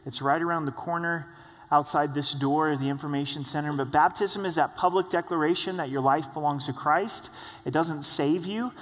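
A male pastor preaching a sermon in a conversational way, slowing down to stress key points. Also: fairly high pitch, fairly bright tone. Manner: conversational, slows for emphasis. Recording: long reverb of a church hall.

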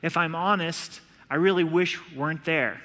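A man's voice: a little high, normal speed, sharp tone, big-room sound. A male pastor preaching an earnest sermon, now and then acting out voices to illustrate his points.

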